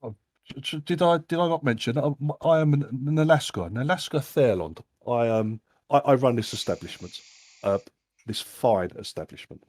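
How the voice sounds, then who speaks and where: A man's voice: medium pitch, lively intonation, moderate pace, a little mellow, no room sound, close to an everyday voice. A man putting on a smarmy fawning innkeeper. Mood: smug. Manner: stammering, oily and overly polite.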